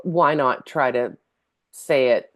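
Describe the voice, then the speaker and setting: A woman's voice: very deep voice, takes it slowly, dry recording, clean studio sound. A woman co-hosting a casual podcast chat, thoughtful and self-deprecating, with short backchannels. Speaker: podcast co-host.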